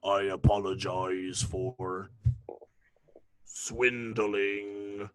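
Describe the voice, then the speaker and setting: A man voicing a big tattooed male pit fighter who speaks in a stately, measured, formal way. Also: lowish voice, monotone, clear, resonant tone, no echo, voice pushed down. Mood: formal, calm.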